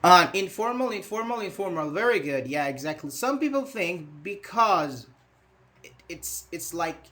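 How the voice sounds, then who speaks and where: A man teaching a live online English grammar lesson, chatting with students and reading their comments aloud with quick praise. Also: high-pitched, very animated, pushed and bright.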